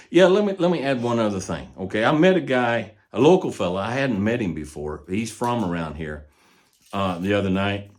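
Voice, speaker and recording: An older man and horse trainer talking casually in a folksy, storytelling way, often sinking to a low murmur. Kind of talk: casual teaching talk.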